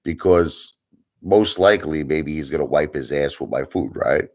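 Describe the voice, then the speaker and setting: Very deep-voiced man telling a rambling story. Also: moderate pace. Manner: animated, profane, repeats himself for emphasis. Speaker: livestream host. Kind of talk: casual storytelling on a live stream.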